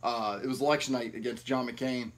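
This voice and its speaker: Here a young man talks a little fast in a medium-pitched voice with fairly even intonation. As a YouTube vlogger at home, without a ring light or external mic, he rambles through profane stories to camera, captured by the camera's own mic.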